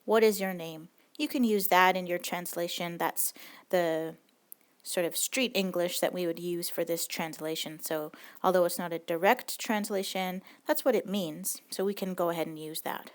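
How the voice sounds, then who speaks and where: A woman's voice: on the low side, steady tone, normal speed. A woman teaching a recorded language lesson, explaining rules patiently and step by step.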